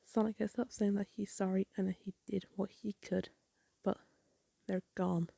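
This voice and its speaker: A woman casually recaps a comic issue, rambling and often apologizing. Her voice is mellow and gravelly. The recording is dry and close. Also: medium pitch, little pitch movement, moderate pace, no room sound. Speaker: comic reviewer. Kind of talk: casual chat.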